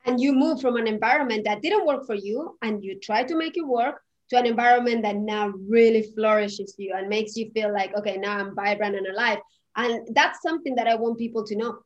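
A woman's voice: fairly high pitch, brisk, dull audio. A woman co-hosting a casual chat, encouraging and emphatic as she turns stories into lessons for the listeners. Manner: encouraging, speaks to listeners as "people"; emphatic, motivational. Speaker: podcast co-host.

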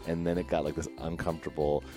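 A man's voice: extremely low pitch, level tone, fast, music in the background. A man from the Chicago area hosting a casual podcast, telling stories animatedly and laughing often. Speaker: podcast host.

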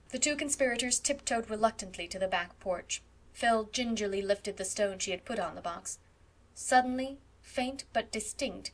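A woman narrating a classic novel as an audiobook, reading with expressive storytelling. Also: medium pitch, moderate pace. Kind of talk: scripted narration.

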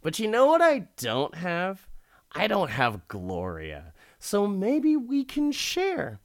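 A man's voice: high-pitched, wildly swooping pitch, slow, pitched above the performer's own voice, full character voice. A man voicing a smug, obsessive rich man who boasts while he blackmails. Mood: gloating.

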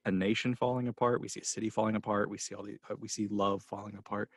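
A man's voice: fairly low pitch, level tone, fast talker, dry recording. A man hosting a casual film podcast, talking passionately and rambling with restarts as he gets emotional. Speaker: podcast host.

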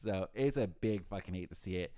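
A man's voice: low-pitched, brisk, warm tone, dry recording. A young man in casual chat about his hotel front desk job, rambling with lots of swearing and filler words.

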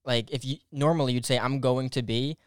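A man's voice: medium pitch, fairly even intonation, fairly quick, smooth, no room sound, studio quality. A young American man with a slight New Jersey accent, hosting a podcast and chatting casually over a video call, rambling with lots of fillers. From United States. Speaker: podcast host.

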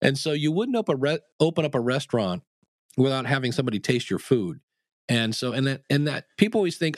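Man, podcast coach, animated, acts out quotes, dry close sound. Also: medium pitch, brisk, no echo. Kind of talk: interview answers.

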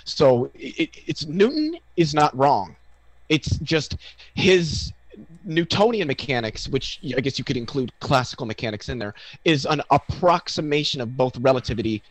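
Debate guest man, mid pitch, dry close sound, halting, restarts often. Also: sing-song, no room sound, poor audio. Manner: explaining physics, halting with many restarts. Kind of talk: live online debate.

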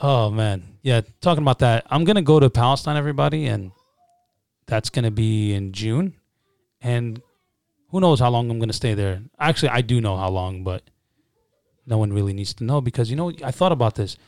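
A young man co-hosting a casual podcast with his brother, joking and telling animated stories. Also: medium pitch, fairly quick, clean tone, dry recording, clean studio sound. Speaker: podcast co-host. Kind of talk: casual chat.

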